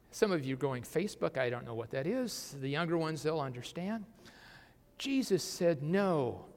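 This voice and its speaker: A pastor giving a conversational sermon, asking the congregation rhetorical questions and often restarting his phrases. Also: high-pitched. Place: church sanctuary. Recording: long hall reverb.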